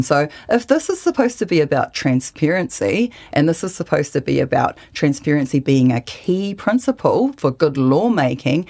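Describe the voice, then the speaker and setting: A woman's voice: sits low, darkish tone. A woman, answering interview questions with passion and indignation. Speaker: activist guest.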